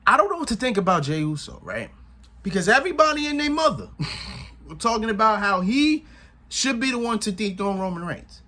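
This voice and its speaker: A man's voice: sits high, very animated, brisk, sharp tone. A man recapping a wrestling show in casual commentary, retelling events with animation, acting out what people said and laughing often.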